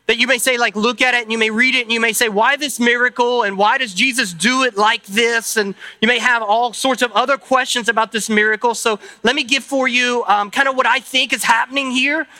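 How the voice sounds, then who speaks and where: A man's voice: very high-pitched, pushed and bright, dry recording. A man preaching a sermon at a church service. He talks in a loose, conversational way, thinking aloud with asides and tag questions. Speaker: pastor.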